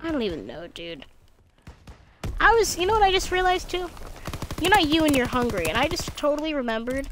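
A woman's voice: high-pitched, big pitch swings, brisk, long pauses, a little hiss or hum. A young woman with a slight lisp giving casual, tired and cranky commentary over her own gameplay, talking into a gaming headset. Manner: tired and cranky, mumbling asides to self. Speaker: gaming video creator.

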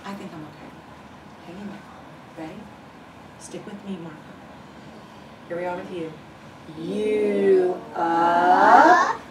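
A woman's voice: fairly low pitch, animated, slow, long pauses, background noise. A woman teaching first grade, leading a shared reading with encouragement and chanted rhythm in a classroom. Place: classroom with children. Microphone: far camera mic. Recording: echoey classroom from far off.

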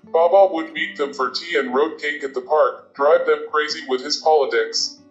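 A man reading a novel aloud as an audiobook narrator, with a steady, even storytelling delivery. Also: on the high side, normal speed. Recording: roomy, dull lo-fi sound. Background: faint guitar music.

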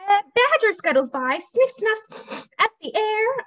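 A young woman reads a picture book aloud at a library toddler storytime, her voice very high and lively, swooping up and down. She takes it slowly and sing-song, dropping to whispered shushes. The sound is dull and lo-fi. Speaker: children's librarian. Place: library program room.

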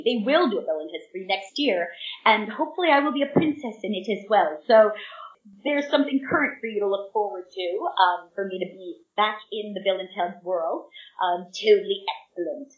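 A woman's voice: medium pitch, distant mic. A woman in her fifties, a guest actress in an interview, bubbly and eager and rambling on at length. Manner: bubbly and eager, talks in long rambling runs. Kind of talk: casual interview chat. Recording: dull, echoey remote audio from off-mic.

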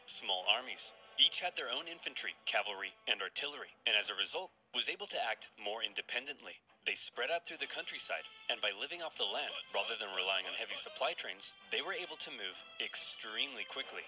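Male comedic history narrator, bright and animated, dramatic punchlines. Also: mid-range voice, breathy edge, poor audio. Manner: punchy, dramatic comic timing.

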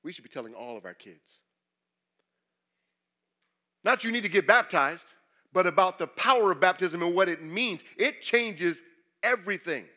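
A pastor preaching a sermon in a bright, ringing voice pitched somewhat high for a man. He swings from loud, emphatic declarations to hushed confession, and he keeps putting questions to his congregation. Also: expressive, moderate pace, pauses often. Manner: preaching with sweeping shifts between loud emphasis and quiet confession; asks the congregation rhetorical questions.

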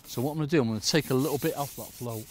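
Rapid-fire and mid-range, this man's voice carries a casual fishing tutorial from a cold lakeside. The British angling coach chats on and keeps addressing "folks," with slight background noise audible.

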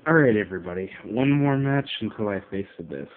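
Grumbling low-voiced man commenting gameplay. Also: animated, brisk. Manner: grumbling, shouting attack names. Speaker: let's play gamer. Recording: tinny lo-fi mic with faint hiss.

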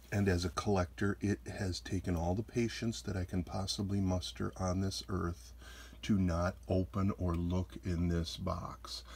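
A man's voice: low voice, a little mellow, slightly rough. A man collector hosting an unboxing video, calling out each find and exclaiming with delight. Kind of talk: unboxing vlog.

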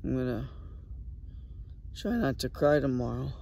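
A grieving man speaks slowly and haltingly into his late-night video diary, his voice gravelly and mellow. He sounds tired and subdued, and a faint hiss sits behind him. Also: mid-range voice, lively intonation. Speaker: vlogger. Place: small private sleeping area, indoors.

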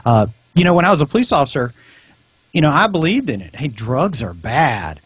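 A man's voice: a little high, sing-song, fairly quick, a bit bright, slightly rough, no room sound. A man, a former police officer, speaking as a guest on a podcast and explaining his views earnestly and at length. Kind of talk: casual discussion.

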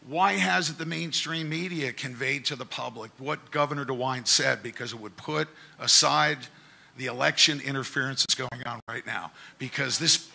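Hoarse, fired-up man at a town hall. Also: on the high side, bright, forceful tone. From Ohio. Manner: fired-up, emphatic, pushes his points hard. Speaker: audience questioner at a town hall. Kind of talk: impassioned public statement.

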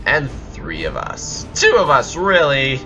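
A man's voice: medium pitch, huge pitch swings, a little slow, dull audio, loud music behind the voice. A man giving goofy, rambling let's play commentary with sudden outbursts while he plays. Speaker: gameplay commentator.

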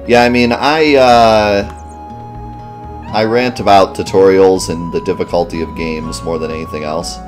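A man's voice: sits low, steady tone, measured pace, faint music behind. A man hosting a let's play, giving casual gameplay commentary and muttering asides while he reads menus.

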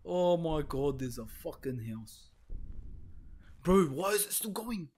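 A man's voice: a little high, big pitch swings, slow, a little mellow, breathy edge. Jumpy young man gaming. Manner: jumpy, swearing, nervous self-mocking, shifting between muttering and panicked yelps. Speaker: gaming YouTuber. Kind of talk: horror game let's play commentary.

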